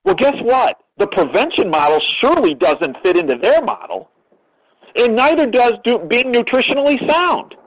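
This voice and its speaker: A man's voice: very high voice, expressive, normal speed, low-quality recording. An older man speaking as an interview guest, emphatic and given to repeating words as he starts his sentences. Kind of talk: conversational interview storytelling.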